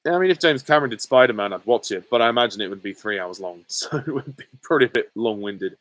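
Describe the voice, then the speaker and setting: A man in his twenties answering viewer questions in a casual live Q&A, easygoing and hesitant with frequent ums and soft laughs. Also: medium pitch, expressive, quick pace, no echo, low-quality recording. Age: 20s. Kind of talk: casual live Q&A reading chat comments.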